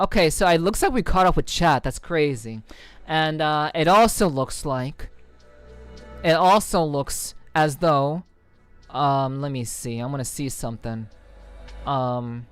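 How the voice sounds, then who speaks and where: Reading chat comments on her stream, a female VTuber rambles casually, curses without restraint, and keeps restarting and filling gaps. Her low voice has a clear, resonant tone, with no room sound at all.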